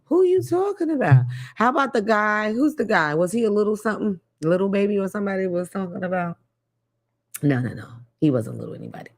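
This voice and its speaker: Animated, profane woman host. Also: mid-range voice, a little fast. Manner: blunt, profane, animated, laughs often. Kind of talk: casual commentary monologue.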